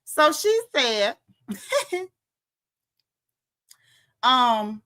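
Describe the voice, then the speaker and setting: A woman casually recapping reality TV, telling it as an animated story and acting out the quotes. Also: a little high, slow, pauses often. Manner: animated storytelling, acts out quotes, frequent laughs.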